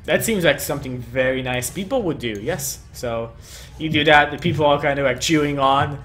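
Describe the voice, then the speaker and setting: Brief: brisk male game master, slightly high voice. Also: a bit bright. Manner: brisk rulings, quick explanations. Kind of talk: running a tabletop game.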